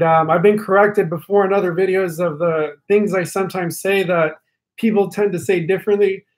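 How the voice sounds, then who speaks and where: A talkative young man chatting casually on a live stream, his voice sitting fairly high for a man. He rambles and restarts often, filling gaps with ums and uhs as he speaks to his viewers. His studio mic is held a little away from his face. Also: low-quality recording. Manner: rambling with many fillers and restarts; talkative, addresses viewers directly.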